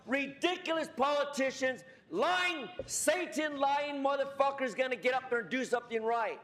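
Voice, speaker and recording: A man giving a combative, profane public comment at a city council podium microphone, taunting and shouting at officials. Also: very high voice, normal speed, few pauses.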